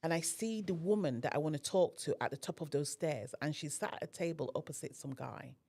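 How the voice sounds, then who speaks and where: A woman's voice: low voice, brisk, breathy edge. A woman, a podcast guest, telling a personal story in conversation and acting out the other people's voices. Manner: animated, acts out the voices of others in her story.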